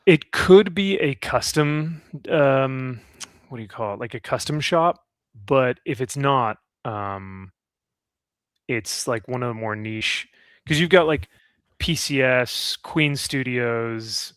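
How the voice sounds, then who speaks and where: A man's voice: medium pitch, expressive, slow pace, a bit bright, smooth, no room sound, clean studio sound. Chatty laughing comic-shop man. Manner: rambling, upbeat, laughs often. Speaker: comic podcast host. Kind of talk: casual chat.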